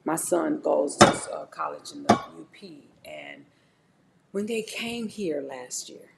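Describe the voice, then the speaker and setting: A middle-aged woman talking on a live stream, giving an animated, preachy motivational talk about faith and speaking straight to her chat. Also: low-pitched, creaky, a little hiss or hum.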